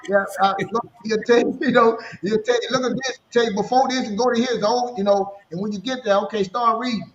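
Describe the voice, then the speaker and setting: A man in his thirties telling personal stories in a casual podcast conversation, animated and full of restarts. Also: very high-pitched, brisk, hardly any pauses. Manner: storytelling, animated, repeats words and restarts. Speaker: podcast co-host. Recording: roomy, dull lo-fi sound.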